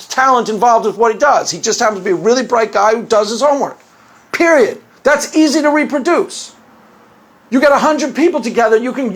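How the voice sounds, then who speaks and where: High-voiced man rambling through commentary. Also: a bit bright. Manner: rambling, repetitive, laughs at his own jokes. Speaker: commentary video host. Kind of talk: casual monologue commentary.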